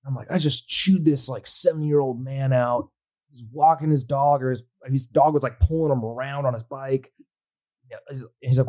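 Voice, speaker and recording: A man's voice: medium pitch, fairly quick, a little mellow. A man co-hosting a podcast in casual chat, telling a story and acting out both sides of the dialogue. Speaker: podcast co-host.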